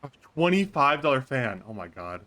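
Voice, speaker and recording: Male streamer, casual rambling commentary, mid pitch, swears offhand. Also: sing-song, normal speed, pushed and bright.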